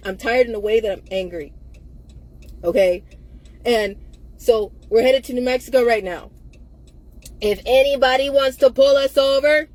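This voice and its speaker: A woman's voice: a little high, a little mellow. A tired young woman speaking bluntly and defiantly to her phone camera in a vlog, repeating herself for emphasis. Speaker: social media activist. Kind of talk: direct-to-camera vlog rant. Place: in a car.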